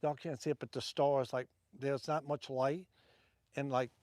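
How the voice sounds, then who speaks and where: A man's voice: mid-range voice, steady tone, normal speed, darkish tone, no echo. A man with a Southern Louisiana accent chatting casually to livestream viewers while fishing from a wharf at night, rambling between casts.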